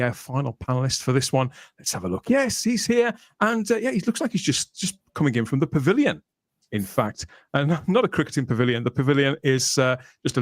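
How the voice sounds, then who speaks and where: A man's voice: medium pitch, no room sound, clean studio sound. A man from Birmingham, England, hosting a casual podcast livestream in a jokey, chatty way, often laughing. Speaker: host.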